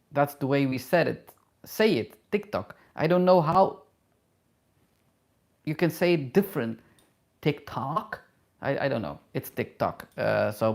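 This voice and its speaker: A middle-aged man, a travel vlogger and hairdresser, reads viewer questions aloud in a live Q&A and answers in halting, non-native English with many fillers. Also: on the high side. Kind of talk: live Q&A, casual chat.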